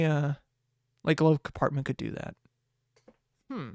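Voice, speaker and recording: A man hosting a casual solo podcast, with a voice a bit higher than usual and a dry, close sound. He rambles, swears freely and often laughs. His pitch jumps suddenly when he gets worked up. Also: expressive, a little slow, pauses often, darkish tone, no room sound. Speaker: podcast host.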